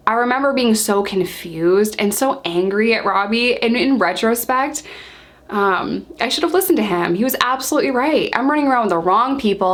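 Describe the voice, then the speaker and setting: A young woman telling her own story to camera in casual talk, animated and acting out what she once said. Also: medium pitch. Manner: animated, acts out her own past lines.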